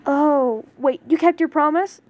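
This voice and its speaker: An excitable young man who pouts, teases and whines his complaints, as a woman plays him. His voice sits fairly high and bright for a guy, quick to jump up when he gets flustered. It comes from a fan audio drama reading. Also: highs cut off. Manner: excitable, whiny, pouty. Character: flustered playful young man, teasing and pouty.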